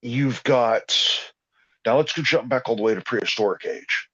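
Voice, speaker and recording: A man's voice: medium pitch, normal speed, fairly bright tone, slightly rough. A man talking in a rambling, folksy, informal way in a casual conversation about healing and balance. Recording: dull lo-fi sound.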